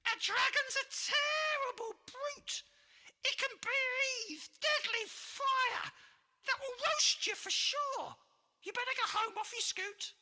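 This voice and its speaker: A woman voicing a shrill old witch in a storybook reading. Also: slow, sharp tone, heavily acted. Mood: frightened. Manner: shrill, screeching. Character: sinister old witch, then terrified. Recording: long hall reverb.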